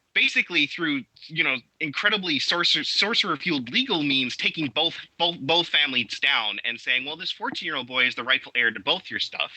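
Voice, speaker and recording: Man with a very bright voice. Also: a little high, dry recording, poor audio. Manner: halting, many restarts and fillers; enthusiastic storytelling. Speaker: podcast guest. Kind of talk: casual interview talk.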